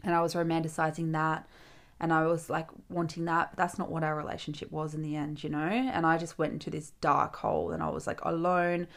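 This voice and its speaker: A woman's voice: low voice, little pitch movement, fairly quick, gravelly. A young woman, hosting a casual solo podcast. She tells a personal story in a chatty way, swears freely and acts out her friends' lines. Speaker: podcast host.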